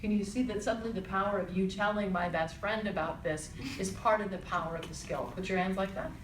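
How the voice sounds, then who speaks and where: A woman teaching a safety workshop, explaining calmly and guiding a group through practice. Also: medium pitch, a little fast, a little hiss or hum. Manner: calm, explanatory. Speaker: safety instructor. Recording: echoey room, distant mic.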